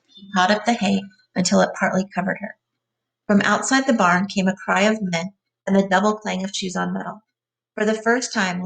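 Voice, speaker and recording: Gravelly-voiced woman reading a novel aloud to a class, explaining words as she goes. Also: mid-range voice, distant mic. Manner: plain reading with side glosses.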